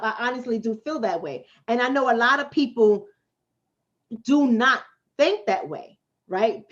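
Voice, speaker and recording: A Bronx woman with a voice on the high side hosts a casual livestream, answering her chat bluntly and streetwise while repeating points for emphasis. She's a livestream host and relationship coach from the Bronx, New York City, and the highs in the audio are cut off.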